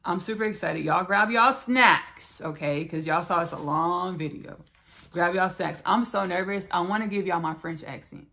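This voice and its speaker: A woman hosts a spiritual podcast in a low voice with a gravelly, creaky edge. She circles back over her phrases and keeps calling her listeners "y'all" and "baby.". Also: normal speed. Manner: repetitive, talks straight to listeners as "y'all" and "baby". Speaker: podcast host.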